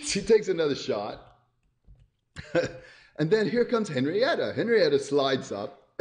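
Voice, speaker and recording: A man excitedly narrating his cartoon idea, laughing through it and acting out sound effects and cries. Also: a little high. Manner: keeps laughing at his own story. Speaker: animator pitching a cartoon. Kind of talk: excited story pitch narration.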